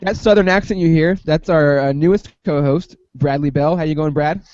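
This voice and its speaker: A man's voice: fairly high pitch, normal speed, darkish tone, no echo. A man hosting a casual podcast, joking and going off on tangents. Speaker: podcast host. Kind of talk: casual chat. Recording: dull, dry lo-fi podcast audio.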